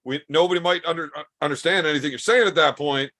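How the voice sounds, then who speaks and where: Bright-voiced, crude teasing man. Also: a little high, fast talker. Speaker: podcast host. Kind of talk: casual chat.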